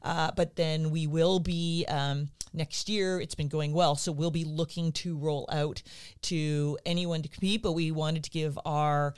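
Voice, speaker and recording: A woman dog training instructor in a casual chat, friendly and agreeable, pausing with fillers as she explains. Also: low-pitched, steady tone, darkish tone, clear, resonant tone.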